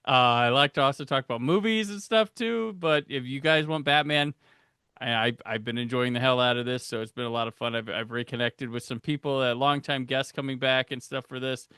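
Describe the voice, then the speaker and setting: Smooth-voiced podcast host, laughs a lot. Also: male voice, mid-range voice, fairly quick, sharp tone, dry recording, studio quality. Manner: laughs often, loose rambling talk. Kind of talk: casual chat.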